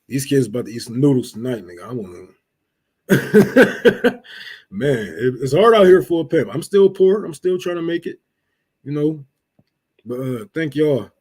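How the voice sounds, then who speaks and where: Young man, high-pitched, profane livestream rant, loud and laughing. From Detroit. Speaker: livestream host.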